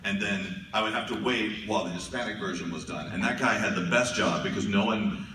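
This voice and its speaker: A voice actor on a convention panel, recounting studio stories in a relaxed, self-deprecating way. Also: male voice, lowish voice, a little fast. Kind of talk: casual anecdotal talk. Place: large convention hall. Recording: echoey hall, distant mic, background noise.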